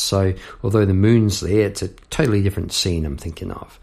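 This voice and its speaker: A middle-aged man talks over his songwriting in a loose, rambling way, full of fillers and asides. His voice sits low with a rough, gravelly fry. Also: a little fast, hardly any pauses, darkish tone. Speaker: podcast host and songwriter. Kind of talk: reflective casual talk.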